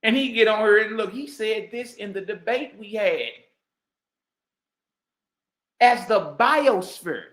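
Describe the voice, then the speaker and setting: A man giving heated, mocking reaction commentary, repeating himself and bursting into shouts. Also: sits high, expressive, normal speed, hardly any pauses. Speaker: online commentator. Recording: roomy echo.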